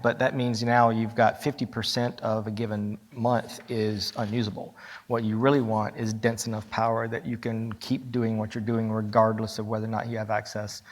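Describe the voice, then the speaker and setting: Panelist, male, lowish voice, measured and halting, big hall reverb. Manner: thoughtful, with frequent "um" pauses. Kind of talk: conference panel discussion. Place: large conference hall. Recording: long reverb of a large conference hall.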